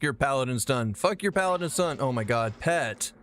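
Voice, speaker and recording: A man's voice: medium pitch, normal speed, slight background noise. A man streaming a game live, chatting casually with his chat, rambling and swearing as he plays. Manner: profane, animated, rambling.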